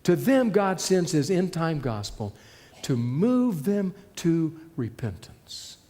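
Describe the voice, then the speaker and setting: A man preaching a sermon, moving from loud declaration to hushed emphasis. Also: fairly high pitch, sing-song, slow, big-room sound. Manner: dramatic shifts between loud and hushed delivery.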